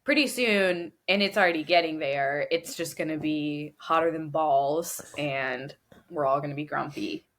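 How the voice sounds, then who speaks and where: Woman, thirties, podcast co-host. Animated storyteller who laughs a lot and acts out voices. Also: low voice, unhurried. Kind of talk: casual chat. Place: lives in Florida.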